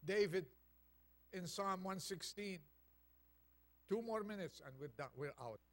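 A man preaching a Thanksgiving sermon, reading a poem aloud softly and then building up with rising intensity. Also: high-pitched, lively intonation, a little slow, dry recording.

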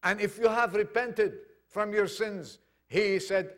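Impassioned preacher, high male voice. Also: fairly even intonation, slow. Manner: impassioned, dramatic swings from loud to hushed; acts out quoted dialogue. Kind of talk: sermon. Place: church congregation.

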